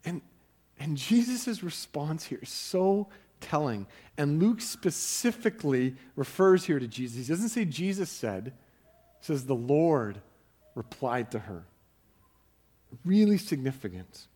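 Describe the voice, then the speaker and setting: A man's voice: on the high side, big pitch swings, measured pace, dark tone. A man preaching a sermon in a conversational way, often repeating words as he starts a sentence. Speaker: pastor.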